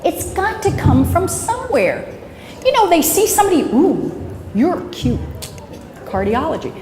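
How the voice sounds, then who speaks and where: A woman's voice: very high voice, huge pitch swings, a little fast, darkish tone. A woman in her fifties giving a humorous speech, telling comic stories and laughing often. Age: 50s. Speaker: motivational speaker. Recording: echoey hall with background noise.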